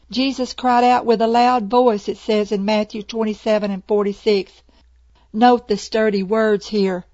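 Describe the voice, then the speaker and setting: Woman reading a devotional text, slow and solemn, close and dry in a dull, lo-fi recording. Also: mid-range voice, darkish tone, dry recording. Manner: slow, measured, solemn delivery. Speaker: devotional reader. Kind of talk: scripted devotional narration.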